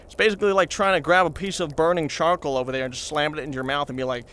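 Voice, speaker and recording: Guy with a pretty high voice rambling through a funny story, lots of uh and like, talks to the viewers. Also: fairly even intonation, very fast, fairly bright tone, clean tone. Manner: chatty, meandering, addresses viewers. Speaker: in-character reporter storyteller. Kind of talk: comedic rambling anecdote.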